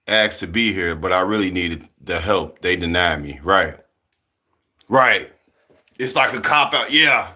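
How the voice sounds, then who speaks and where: A young man ranting heatedly to camera in a profane monologue, acting out other people as he goes. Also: low-pitched. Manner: animated, heated, swearing, acts out other people. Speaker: vlogger.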